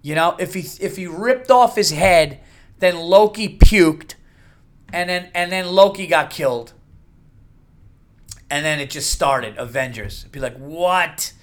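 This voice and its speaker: Middle-aged male podcast host, high-pitched, blunt and profane, rambling delivery. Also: animated, unhurried, long pauses. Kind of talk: casual solo podcast rant.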